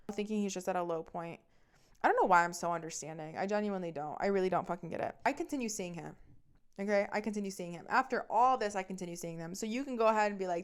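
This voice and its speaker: Young woman rambling through a dating story on her podcast, swears a lot, says like constantly, smooth clear voice. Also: medium pitch, quick pace. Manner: candid, profane, chatty, lots of "like". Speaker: podcast host. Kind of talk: casual storytelling monologue.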